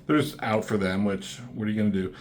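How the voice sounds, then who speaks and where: A man with a fairly low, steady voice talks fast in a casual, rambling comic book review. He swears often and fills gaps with "um" and "like."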